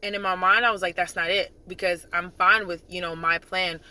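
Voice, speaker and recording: A young adult drill sergeant retells events in a loose, talkative vlog style, full of "like" and quick asides. The voice sits at a middle pitch with a bright, forceful edge. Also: clear, resonant tone. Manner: chatty, animated retelling with frequent "like". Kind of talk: casual storytelling vlog.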